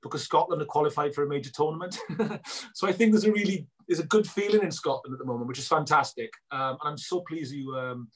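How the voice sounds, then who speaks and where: A middle-aged man, a filmmaker being interviewed, telling animated stories and acting out both sides of conversations. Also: fairly high pitch, quick pace, a little hiss or hum. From Wales. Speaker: guest filmmaker. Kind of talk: casual interview chat.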